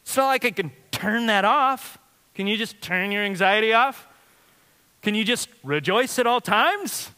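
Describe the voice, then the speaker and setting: A male pastor delivers a sermon in a relaxed, conversational way, peppering his stories with fillers. His voice sits a touch high and rings bright. The sound carries a long reverb, like a large church sanctuary. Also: a little slow. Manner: conversational, storytelling with frequent fillers.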